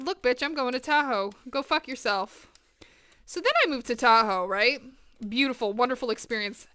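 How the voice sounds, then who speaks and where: A woman's voice: medium pitch, smooth. A woman chatting energetically with her viewers while cooking on a live stream in her home kitchen, swearing freely as she talks. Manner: energetic, chatty and profane, talking to chat.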